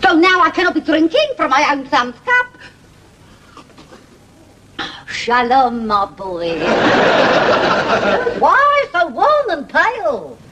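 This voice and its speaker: A man playing a shrill, theatrical stage queen. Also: huge pitch swings, background noise, full character voice. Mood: mock grandeur. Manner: drawn-out, declaiming comic delivery.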